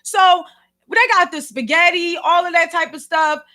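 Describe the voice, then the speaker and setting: Philly woman venting on her vlog, super high pitched voice, all fired up and slangy. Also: a little slow. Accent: Philadelphia. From Philadelphia. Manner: exasperated, animated ranting full of slang. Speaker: vlogger and podcast host. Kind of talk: ranting commentary.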